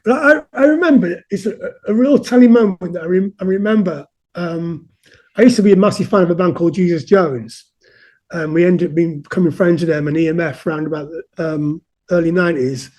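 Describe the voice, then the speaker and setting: A man's voice: sits high, brisk, dark tone. A man in his fifties, a musician being interviewed, talking earnestly and reflectively and often repeating words as he starts a sentence. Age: 50s. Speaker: guest musician. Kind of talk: casual conversational interview.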